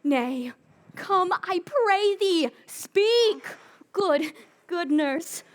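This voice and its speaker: A woman's voice: extremely high pitch, expressive, drawn-out words, full character voice. A woman playing eager young Juliet. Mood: pleading. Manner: pleading, eager, declamatory. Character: impatient young female lover, eager, lovestruck. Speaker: stage actor. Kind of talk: outdoor Shakespeare stage performance.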